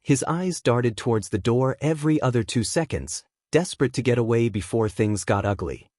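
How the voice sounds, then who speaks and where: A man reading fan fiction aloud as narrator, in a steady storytelling manner. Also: medium pitch, moderate pace, no room sound, studio quality.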